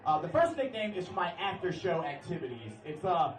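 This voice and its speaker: A man's voice: high voice, sing-song, a little fast, distant mic. Brash young man doing stand-up in a club. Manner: brash, bursts into shouted announcer-style bits. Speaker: stand-up comedian. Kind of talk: stand-up set. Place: comedy club stage. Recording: roomy club sound from off-mic, loud crowd laughter.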